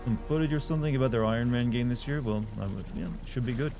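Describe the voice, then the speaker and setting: A man's voice: medium pitch, fast talker, music in the background. A man streaming a game live, chatting casually with his viewers in a sleepy, rambling way and often breaking off mid-sentence. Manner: rambling, self-interrupting, chatty. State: sleepy, yawning.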